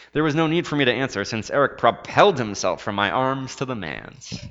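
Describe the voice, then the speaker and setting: A medium-pitched man reads a first-person story aloud at a moderate pace with few pauses. He is expressive and dramatic, slipping into soft hushed asides, and the recording is dull and lo-fi with a long reverb.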